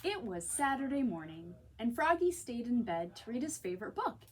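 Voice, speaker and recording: A woman librarian reads a picture book aloud to young children and talks to them directly. Her voice sits fairly high and swoops a lot. A faint hum sits behind her. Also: big pitch swings, normal speed. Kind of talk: picture-book story time read-aloud.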